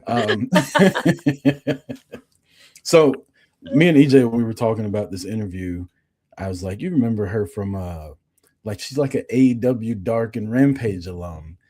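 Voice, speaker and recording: A man's voice: fairly low pitch, unhurried, darkish tone, slightly rough. A man co-hosting a casual interview, joking and asking long rambling questions. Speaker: co-host.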